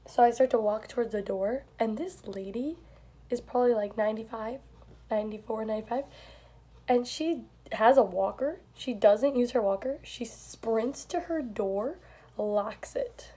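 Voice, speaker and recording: A woman's voice: fairly high pitch, unhurried, warm tone, husky. A young woman telling a story in a casual vlog, chatty and full of "like", swearing now and then. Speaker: vlogger.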